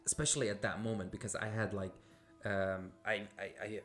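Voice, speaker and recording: A man's voice: lowish voice, little pitch movement, brisk, a bit bright, faint music behind. A man from Syria, hosting a podcast and telling a personal story casually, with many fillers and restarts. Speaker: podcast host.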